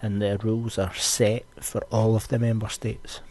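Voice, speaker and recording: A young Scottish man hosting a podcast, ranting in a loose, sweary, storytelling way. His voice sits fairly low and has a husky edge. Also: flat delivery, moderate pace, mellow. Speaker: podcast host. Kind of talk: casual podcast chat.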